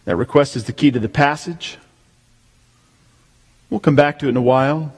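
A man preaching a sermon as pastor, emphatic, swelling to near-shouts on key words. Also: mid-range voice, normal speed, husky, long reverb tail.

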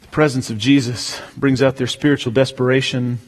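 A man preaching a sermon as pastor, emphatic, swelling to near-shouts on key words. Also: medium pitch, little pitch movement, a little fast, long reverb tail.

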